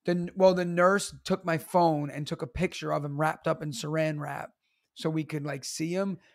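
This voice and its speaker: A man's voice: on the high side, normal speed. A man in his thirties, a teacher and comedian, telling stories in a casual podcast chat, acting out quotes and laughing often. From New York. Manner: animated storytelling, acts out quotes, laughs often.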